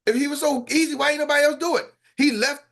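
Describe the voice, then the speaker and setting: A man hosting a morning sales-training call as coach, talking in an animated, hyped and slangy way with quick asides. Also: very high voice. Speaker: sales coach and show host. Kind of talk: energetic motivational team talk.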